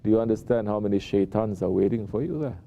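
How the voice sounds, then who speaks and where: A man, a sheikh, giving an unhurried sermon and often checking in with his listeners with rhetorical questions. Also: lowish voice, gravelly, warm tone, highs cut off. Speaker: sheikh giving a talk at a Sufi lodge.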